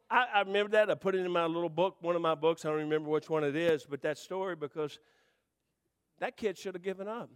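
A man preaching to a congregation, telling a rambling, animated story with restarts. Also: fairly high pitch, clear, resonant tone. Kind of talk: storytelling sermon.

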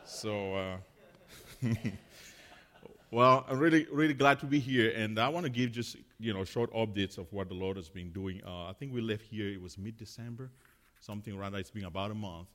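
Missionary man with a lowish voice, halting, filler-heavy church talk, echoing sanctuary. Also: a bit bright. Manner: chatty, many fillers and restarts, laughs often.

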